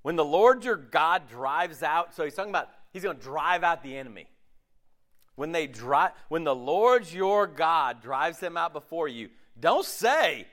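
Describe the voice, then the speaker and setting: A man preaching a sermon in an animated, conversational way, acting out voices as he talks. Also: a little high, a little slow. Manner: animated, acts out quoted voices, swings loud and quiet.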